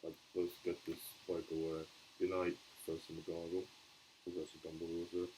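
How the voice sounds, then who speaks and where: A man reading a storybook aloud and voicing a huge, wild, bearded giant with rough, countrified speech. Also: lowish voice, fairly quick, a little mellow, slight background noise, natural voice, rough recording. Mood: muffled, tearful.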